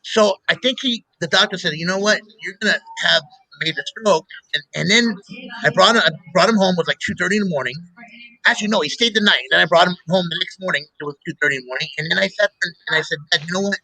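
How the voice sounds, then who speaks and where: A man hosting a show, chatting casually and telling animated stories with laughter. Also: high voice, fast talker, gravelly, low-quality recording. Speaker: show host. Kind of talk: casual chat.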